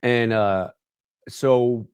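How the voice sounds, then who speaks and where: A man's voice: medium pitch, fairly even intonation, extremely slow, a little mellow, clean tone, no room sound, clean studio sound. A young man guesting on a podcast, telling a rambling story and leaning on "like" and "dude". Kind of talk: casual storytelling chat. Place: podcast studio.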